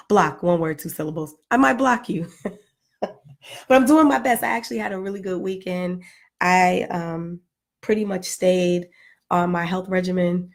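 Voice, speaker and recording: A woman's voice: fairly low pitch, unhurried, long pauses. A middle-aged woman talking to her viewers in a casual, heartfelt vlog, earnest and pleading, with playful asides. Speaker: vlogger.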